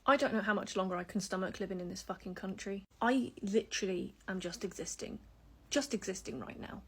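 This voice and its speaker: A woman's voice: mid-range voice, slightly rough. A woman ranting angrily into her phone, bitter and swearing constantly. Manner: angry, bitter, heavy swearing. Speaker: social media ranter. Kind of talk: casual rant to camera.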